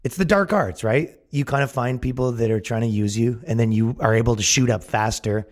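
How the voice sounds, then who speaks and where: A man's voice: medium pitch, fairly quick. A man hosting a solo comedy podcast, rambling sarcastically, laughing at his own points and restarting sentences mid-thought. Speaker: podcast host.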